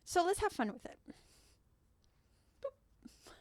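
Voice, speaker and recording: A woman hosting her own channel, retelling stories in a chatty, animated way full of rambling asides and self-corrections. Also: mid-range voice, moderate pace, creaky, no echo. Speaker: channel host. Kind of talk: chatty storytelling vlog.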